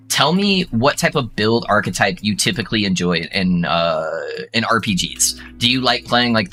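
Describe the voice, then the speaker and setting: A young adult man streaming a game, chatting casually with viewers and breaking into excited whoops and laughs. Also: lowish voice. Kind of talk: casual gaming stream chat.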